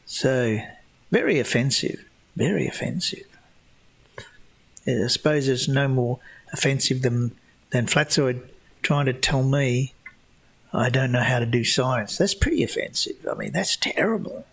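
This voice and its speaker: A man hosting a casual livestream Q&A, answering chat questions in a rambling way with many restarts and a scornful tone toward flat-earth believers. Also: mid-range voice, a little slow, gravelly, slightly rough.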